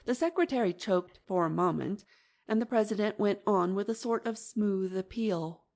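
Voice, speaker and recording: A mellow woman narrating an audiobook. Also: medium pitch, lively intonation, moderate pace.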